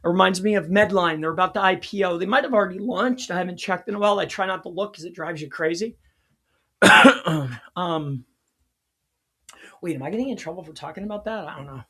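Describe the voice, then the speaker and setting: A man hosting a casual live teaching stream as a consultant, talking in an excitable, rambling way, laughing at his own jokes, his voice sounding strained. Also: high voice, a little fast, slightly rough. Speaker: local SEO consultant and livestream host.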